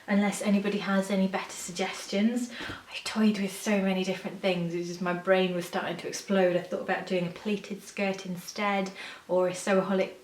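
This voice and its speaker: A woman's voice: mid-range voice, brisk, recorded from a distance. Chatty woman in an echoey room. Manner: chatty, rambling, many fillers and self-corrections; gushing excitement when showing things. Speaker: sewing vlogger. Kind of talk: casual chat to camera. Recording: echoey room, a bit off-mic.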